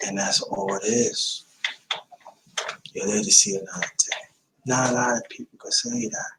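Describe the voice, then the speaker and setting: A man's voice: mid-range voice, sing-song, normal speed, creaky, bright, forceful tone, slight background noise, rough recording. A man in his fifties hosting a livestream, giving an emphatic, repetitive motivational talk. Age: 50s. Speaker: livestream host.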